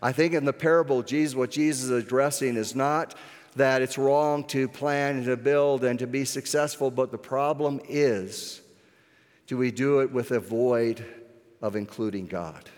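A man preaching a sermon as pastor, earnest, slowing down on key points, with occasional restarts. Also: mid-range voice, darkish tone. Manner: earnest, with restarts and slowed emphasis. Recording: echoey hall with long reverb.

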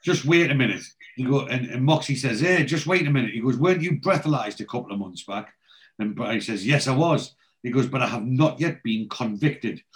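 A man's voice: mid-range voice, animated, brisk, low-quality recording. Chatty man recapping TV scenes. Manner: recaps scenes by quoting characters in a chatty storytelling way. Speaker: podcast host. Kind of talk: casual chat, retelling TV scenes.

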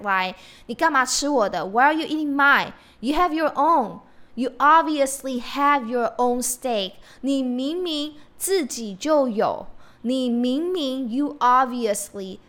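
A young woman hosting a podcast lesson, repeating phrases slowly and explaining them word by word. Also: on the high side, fairly bright tone. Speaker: Mandarin teacher, podcast host. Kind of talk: bilingual language lesson.

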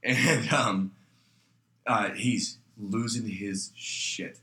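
Bright-voiced man telling a rowdy story. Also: lowish voice, steady tone, very slow. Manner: profane storyteller who shouts out the voices in his stories. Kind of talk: casual chat.

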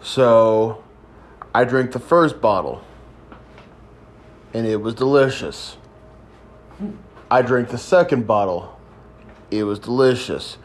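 A man's voice: medium pitch, slow pace, long pauses. A young man in his twenties telling a rambling, crude story in a casual chat. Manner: crude, rambling, laid-back. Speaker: podcast host.

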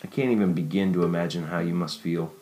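A man's voice: low voice, fairly even intonation, fast, darkish tone, close to an everyday voice. A man voicing a friendly, talkative young male pharmacist who coaxes and reassures his friend.

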